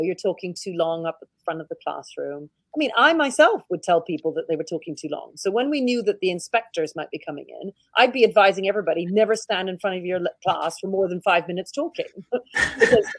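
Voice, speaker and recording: A British head teacher, a woman, telling stories in a casual interview, outspoken and animated. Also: on the low side, fairly quick, no room sound. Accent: British English. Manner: outspoken, animated storytelling with laughs.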